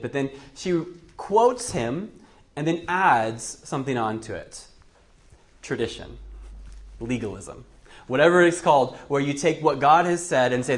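A man's voice: medium pitch, lively intonation, moderate pace. A male preacher giving a Bible teaching sermon, thinking aloud with frequent restarts. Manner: thoughtful, with frequent restarts and fillers.

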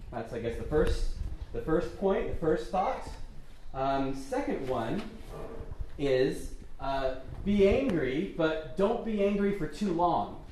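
A man's voice: on the high side, dark tone. A man, a pastor, giving an informal, chatty and self-deprecating sermon to his congregation. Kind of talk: conversational sermon. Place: church hall. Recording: echoey hall from far off, faint noise.

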